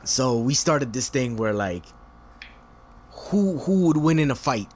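A man casually telling a story, swearing often, laughing and jumping into high voices to quote people. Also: expressive, unhurried, slight background noise.

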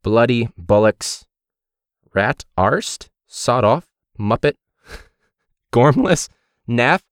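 A man who teaches and hosts a podcast, talking in a casual ranting monologue, sarcastic and animated, with loud mock outbursts. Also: mid-range voice, slow pace, no room sound, studio quality.

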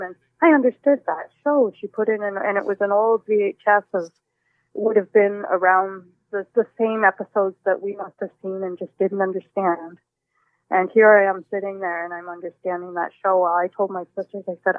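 A woman in her forties, a musician, answering interview questions in a reflective, animated way with many restarts. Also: medium pitch, normal speed, dry recording. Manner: warm, reflective, with frequent restarts and exclamations. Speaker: musician guest. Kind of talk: relaxed personal interview answers. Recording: dry, tinny phone-like line.

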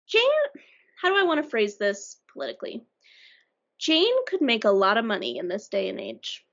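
A woman's voice: mid-range voice, vocal fry, a bit bright, muffled recording. A woman in a casual book discussion who talks hesitantly, with restarts and dry humor.

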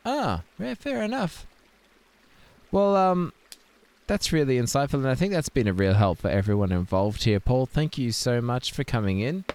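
A young man hosts an improvised comedy podcast in a mock-serious tone. He rambles and hesitates, often trailing off mid-thought. His voice sits at a middling pitch. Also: big pitch swings, moderate pace, a little mellow. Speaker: podcast host.

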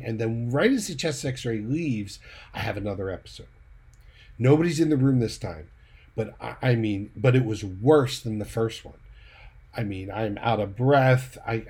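A man's voice: mid-range voice, slightly rough. A man casually recounting a personal story, retelling the dialogue in a conversational way with the odd light laugh. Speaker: church leader giving a personal update.

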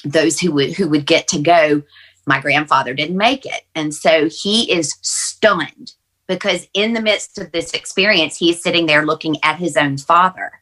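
Female podcast guest, lower register, earnest reflective storyteller. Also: fairly even intonation, normal speed, a bit bright. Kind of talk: personal storytelling on a panel podcast.

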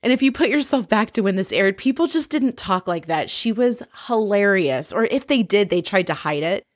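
A woman casually recapping a reality show scene by scene, chatty and quick to laugh. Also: mid-range voice, lively intonation, no room sound, clean studio sound. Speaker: recap podcast host.

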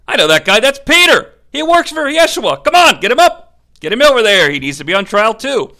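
Give me a man doing a nosy accusing woman, raspy and high. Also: big pitch swings, fairly quick, bright, forceful tone, heavily acted.

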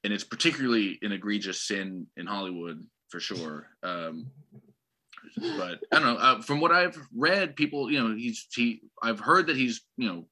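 A man's voice: lowish voice, expressive, moderate pace, sharp tone. A man co-hosting a casual podcast about movie trailers, talking in a rambling, sardonic and opinionated way. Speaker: podcast co-host.

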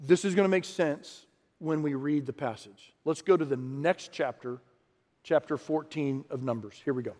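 Man, pastor, sermon, animated, acts out voices, fairly high pitch, long reverb. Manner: animated, acts out quoted voices, restarts often.

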